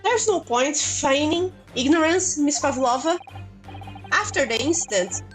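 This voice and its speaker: A woman's voice: sits high, animated, measured pace, soft background music, rough recording. A woman voicing a boastful, grandiose male detective as she reads game dialogue aloud. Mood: declaiming. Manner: grandiose, theatrical.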